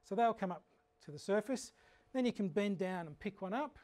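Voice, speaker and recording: An Australian man teaching a frog identification workshop in a fairly high voice. He tells humorous, animated stories between his explanations of frog habits. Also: normal speed. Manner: animated anecdotal storytelling. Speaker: frog educator. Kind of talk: workshop lecture.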